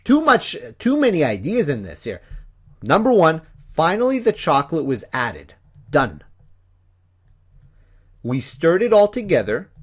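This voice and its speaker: A man teaching a punctuation lesson, explaining step by step in an animated, playful way. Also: fairly high pitch, a little slow, pauses often, slightly rough. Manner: animated, playful, acts out examples.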